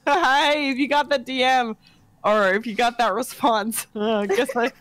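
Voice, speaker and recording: Young woman streamer, high bright voice, dry close sound, casual swearing chat. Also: steady tone, measured pace, no echo. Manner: chatty, swearing, laughing often.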